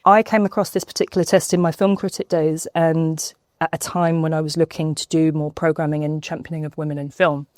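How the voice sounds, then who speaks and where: A woman's voice: sits low, level tone, a little fast, few pauses, a little mellow, no room sound. A woman film critic speaking as a guest, open and reflective. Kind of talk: interview answers.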